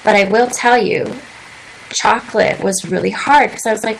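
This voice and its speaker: A woman's voice: medium pitch, normal speed, creaky, a little hiss or hum, rough recording. A woman in her twenties chatting earnestly as a guest on a radio talk show, telling her story at length. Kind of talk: casual interview chat. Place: radio studio.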